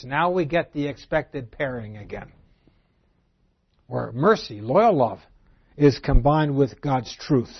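A man giving an expository Bible lecture, reading verses aloud and explaining them, moving between emphatic lines and very quiet ones. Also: medium pitch, lively intonation, takes it slowly, pauses often, slightly rough. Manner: swings from emphatic to very soft and quiet. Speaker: Bible teacher. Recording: dull lo-fi recording.

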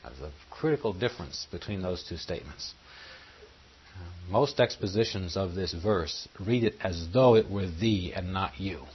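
A man's voice: low-pitched, expressive, normal speed, a little hiss or hum. A man preaching a Bible-study sermon, teaching and putting questions to his listeners. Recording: muffled lo-fi recording.

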